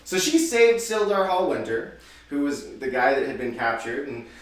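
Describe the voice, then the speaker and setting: Playful high-voiced man running a game. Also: very animated, normal speed. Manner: playful, announcer-like, laughs often. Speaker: dungeon master. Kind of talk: hosting and narrating a tabletop game. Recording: echoey room, from far off.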